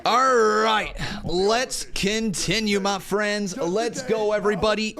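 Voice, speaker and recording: A young man hosting a live watch-along stream, loudly hyping up his chat with shouts and chants. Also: high voice, slow pace. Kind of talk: hyped watch-along commentary. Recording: music under the voice. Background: music playing.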